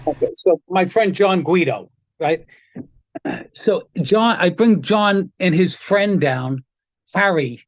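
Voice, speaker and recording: A man telling animated stories in a casual interview, acting out the quotes as he goes. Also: sits high, slow, no room sound. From New York area. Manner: animated anecdote teller, acts out quotes. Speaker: guest, guitar tech.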